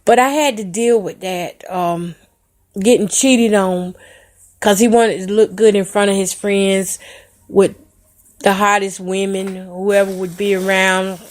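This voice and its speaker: A woman's voice: medium pitch, steady tone, measured pace. A woman hosting a podcast, telling a personal story candidly and emotionally and speaking to her listeners directly. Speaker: podcast host.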